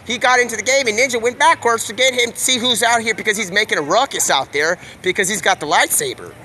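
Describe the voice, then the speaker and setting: A man livestreaming, talking in a rambling, slangy, excitable stream of thought. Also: sits high, fast talker, a little hiss or hum. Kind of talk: rambling live-stream monologue.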